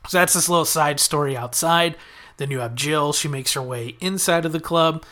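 A man's voice: on the high side, normal speed, sharp tone. A man casually recapping a TV episode as a podcast host, chatting through the plot and quoting the characters in his own voice.

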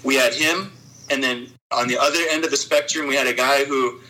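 A man's voice: medium pitch, steady tone, fairly quick, sharp tone, rough recording. A man chatting casually on a podcast, rambling and swearing, full of "dude" and "you know". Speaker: podcast co-host, cycle traveler.

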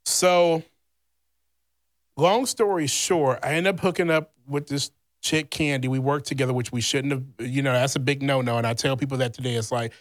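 A man from Louisiana, a podcast host, telling a rambling, animated personal story in casual chat, swearing freely. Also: medium pitch, moderate pace, dry recording, studio quality. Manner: heavy swearing, blunt and animated; rambling with many fillers.

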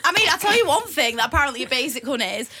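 A woman's voice: high-pitched, big pitch swings, very fast, pushed and bright. A young woman co-hosting a casual podcast chat, giggly and self-mocking, often breaking into laughter. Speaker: podcast co-host.

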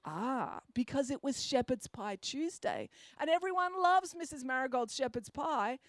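A woman reading aloud plays a peculiar schoolgirl detective who explains things in a confident, matter-of-fact way with theatrical flourishes. Her voice is lively and a little high, recorded close and dry. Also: moderate pace, no room sound.

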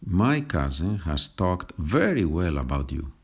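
A man with a Spanish accent, teaching a Spanish lesson in a slow and patient way and moving between example sentences and explanations. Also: sits low, sing-song, slightly rough. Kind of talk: language lesson podcast.

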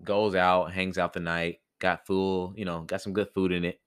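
A man's voice: sits low, moderate pace, fairly bright tone, smooth, no echo, clean studio sound. A man casually retelling a fairy tale for a podcast, rambling and slangy with many fillers. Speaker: podcast storyteller.

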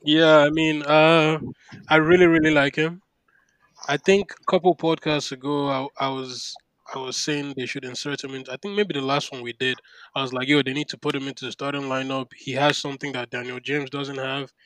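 A man co-hosting a casual podcast, talking in an animated, rambling way with lots of fillers. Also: mid-range voice, moderate pace, no room sound, low-quality recording. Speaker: podcast co-host. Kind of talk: casual chat.

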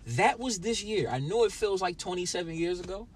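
A man's voice: high-pitched, lively intonation, fairly quick, a little hiss or hum. A young man hosting a podcast, ranting with lots of swearing and talking straight at his listeners in a sour, angry mood. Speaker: podcast host. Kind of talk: profane solo podcast rant.

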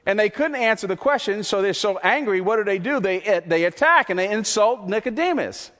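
A man preaching a sermon as pastor, impassioned and repetitive, his voice climbing toward near shouts. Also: high voice, expressive, brisk, hardly any pauses, big-room sound.

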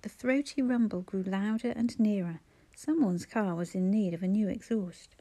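A woman narrating an audiobook in an even, measured storytelling manner on a close mic. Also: mid-range voice, dry recording. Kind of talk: scripted narration.

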